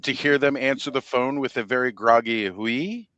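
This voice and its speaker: A man's voice: medium pitch, steady tone, a little fast, a bit bright, smooth, no room sound, dull audio. A man hosting a live stream, telling a story in casual chat and laughing at his own jokes.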